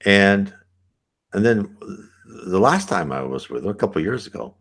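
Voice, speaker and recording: A deep, low-pitched American man talks through viewer questions in a loose, rambling way. He circles back on himself, pauses on fillers, and keeps checking in with a quick "right?" as he explains. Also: sing-song, fairly bright tone. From United States. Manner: rambling, conversational, often asks "right?". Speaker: channel host. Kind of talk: casual talk answering viewer questions.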